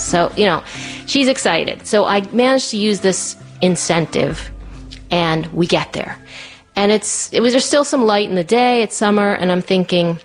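A woman telling a personal story as a monologue, animated and acting out the voices of the people in it. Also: medium pitch.

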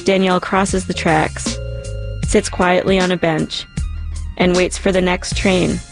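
A woman narrating a first-person spoken-word story in a calm, reflective way. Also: lowish voice, a little slow, gravelly. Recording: narration over a music bed.

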